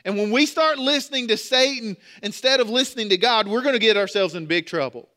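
A man's voice: high voice, fairly quick, pushed and bright. A man preaching a sermon in a conversational way, repeating words and asking the congregation rhetorical questions. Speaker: pastor.

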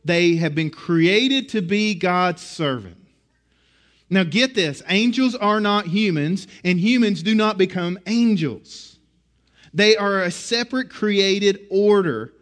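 A middle-aged man preaching a sermon in a conversational, animated way, often restarting his phrases. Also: high voice, slow pace. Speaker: pastor.

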